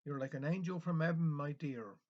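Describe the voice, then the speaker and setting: A man's voice: on the high side, fairly quick, natural voice. Man doing a flustered manor housekeeper. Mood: relieved. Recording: dull lo-fi recording.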